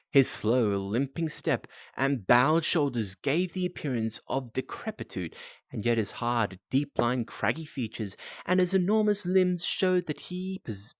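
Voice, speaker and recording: A man's voice: mid-range voice, no room sound, clean studio sound. Man reading a classic novel aloud. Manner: plain reading with casual asides. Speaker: amateur reader.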